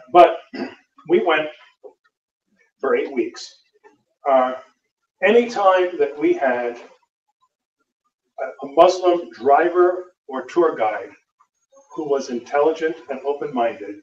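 American priest telling stories in a hall. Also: male voice, mid-range voice. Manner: relaxed storytelling with dry humor and frequent "uh" fillers. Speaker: Catholic priest giving a conference talk. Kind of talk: anecdotal conference talk. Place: lecture hall. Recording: roomy, distant, dull lecture-hall recording with faint noise.

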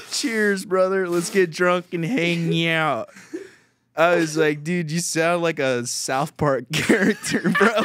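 A young man hosting a casual podcast chat, telling stories with lots of laughter and loud mimicry. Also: a little high, slow pace, background noise. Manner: animated storytelling, laughing, mimicking a friend in loud shouts. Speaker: podcast host and comedian.

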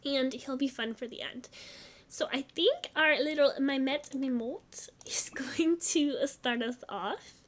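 High-voiced young woman chatting over a game. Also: slow. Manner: chatty and gushing, with giggles and soft asides. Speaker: gaming channel host. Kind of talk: casual game commentary.

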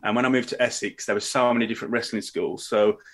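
A man's voice: fairly low pitch, quick pace. A young adult man, a wrestler chatting as a podcast guest and telling stories in a casual, friendly way. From England. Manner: chatty storyteller, says "mate".

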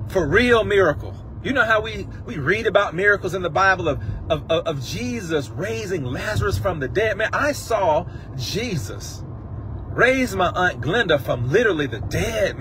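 A man's voice: high-pitched, fairly bright tone, slight background noise. A man preaching a sermon on a livestream, impassioned and emotional, breaking into song. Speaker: pastor. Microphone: livestream phone mic.

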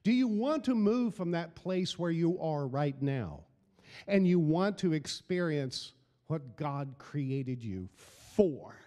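A man's voice: a little high, big pitch swings, takes it slowly, mellow, big-room sound. A middle-aged man preaching a sermon as pastor, building emphasis through repeated phrases. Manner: preaching with rising emphasis and repetition.

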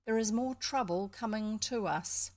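A woman's voice: mid-range voice, unhurried, a little mellow, no echo, close to an everyday voice. A woman voicing a fussy, worried female duck who keeps house, speaking in an anxious, cautious way in a storybook reading.

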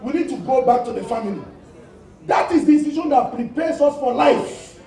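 A man with a Nigerian accent, a lawyer giving a public talk on a panel, speaking emphatically and building up to loud points. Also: very high-pitched, a little fast, creaky, recorded from a distance. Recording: echoey room, voice picked up from afar.

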